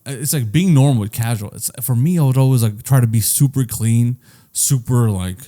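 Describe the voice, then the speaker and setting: A man's voice: medium pitch, normal speed, warm tone. A man co-hosting a casual podcast, rambling and restarting his sentences and swearing now and then. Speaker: podcast co-host.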